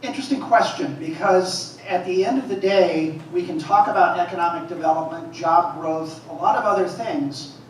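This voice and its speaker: A male candidate speaks forcefully and builds his answer toward firm, pointed declarations. He sounds distant from the microphone, and the room echoes heavily. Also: high-pitched, normal speed, slight background noise. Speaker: political candidate. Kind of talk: forum answer. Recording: echoey hall, voice from far off.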